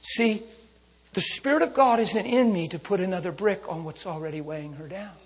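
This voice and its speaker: Male preacher, rather high and very husky, storytelling sermon, hushed then fervent, in a long-reverb hall. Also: moderate pace. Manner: intimate hushes rising to fervent calls. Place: church service with a congregation.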